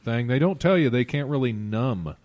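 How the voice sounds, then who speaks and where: A man's voice: mid-range voice, animated, moderate pace, a little mellow. A man hosting a podcast, telling stories in casual chat and laughing often. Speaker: podcast host.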